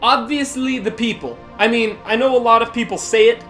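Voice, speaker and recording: A man answering viewer questions in a casual vlog, excitable and rambling, often self-deprecating. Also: extremely high pitch, fairly quick, soft background music. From Utah, USA.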